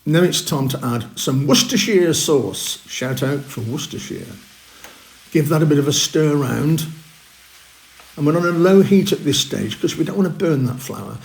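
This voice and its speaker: A man's voice: on the high side, animated, moderate pace, vocal fry. A man hosting a cooking video, talking viewers through each step in a chatty, upbeat way. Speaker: cooking channel host. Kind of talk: casual cooking demonstration.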